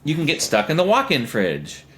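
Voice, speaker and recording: A man's voice: fairly high pitch, huge pitch swings, normal speed, fairly bright tone. A young man co-hosting a podcast, chatting casually and rambling through jokey ideas. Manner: rambling, jokey, puts on silly voices. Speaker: podcast co-host. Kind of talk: casual chat.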